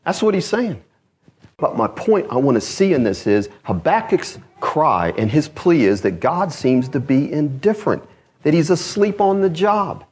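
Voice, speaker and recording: A husky-voiced man preaches, his pitch swinging widely from low murmurs to high, loud cries as he quotes scripture. His delivery keeps rising and falling through the sermon. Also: very animated, normal speed. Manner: rises to loud cries when quoting scripture, then drops low.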